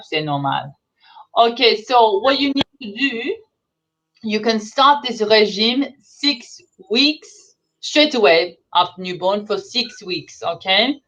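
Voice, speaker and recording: A haughty French woman who lectures new mothers with blunt, deadpan dismissals, played by a woman in a live comedy sketch. Her French accent is thick and her voice sits fairly high. The sound is dull and lo-fi. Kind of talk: live comedy character monologue.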